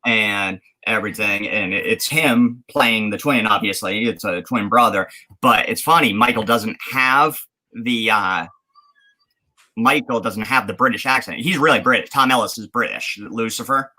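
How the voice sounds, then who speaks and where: A man's voice: fairly low pitch, moderate pace, pushed and bright, poor audio. A man from the United States co-hosting a podcast in casual chat, rambling with many restarts and fillers. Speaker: podcast co-host.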